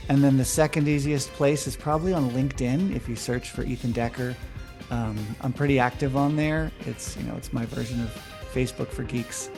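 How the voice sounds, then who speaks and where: A man speaking as a guest on an interview podcast, talking with animated enthusiasm and frequent restarts. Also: medium pitch, fairly quick, music in the background. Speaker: interview guest, brand strategist. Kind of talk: casual conversational interview.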